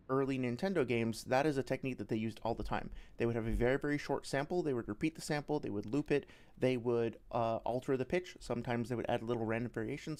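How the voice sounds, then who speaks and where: Male game-dev streamer, mid pitch, casual and rambling, explains with examples. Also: darkish tone.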